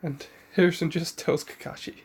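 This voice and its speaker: A man's voice: a little high, fairly even intonation, normal speed, breathy edge. A man casually retelling a fan story, rambling with fillers, self-corrections and the odd cough.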